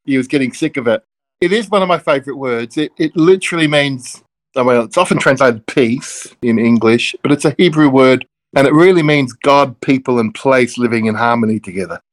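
A man's voice: medium pitch, a little fast. Middle-aged guy from melbourne, a minister, chatting loose and easy, keeps drifting off on tangents and joking at his own expense. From Melbourne, Australia. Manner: rambling, wanders off on tangents with self-deprecating jokes. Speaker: interview guest, Church of Christ minister. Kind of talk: relaxed storytelling in conversation.

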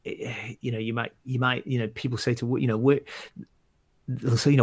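A man's voice: mid-range voice, steady tone, a little fast, creaky, darkish tone, husky, no room sound. A male stand-up comedian chatting casually, rambling with many restarts and fillers as he tells stories. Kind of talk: casual chat.

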